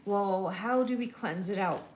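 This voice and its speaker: A woman with a mid-range voice speaks at a measured pace, and the audio is dull, with slight background noise and an echoey room. She hosts a casual livestream doing emotional scans, giving wellness advice directly and calling viewers pet names like "girl" and "my love."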